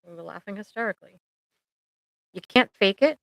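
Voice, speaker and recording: A woman's voice: mid-range voice, lively intonation, normal speed, gravelly, no room sound, rough recording. A middle-aged woman therapist chatting casually on a live stream, rambling and joking with lots of ums.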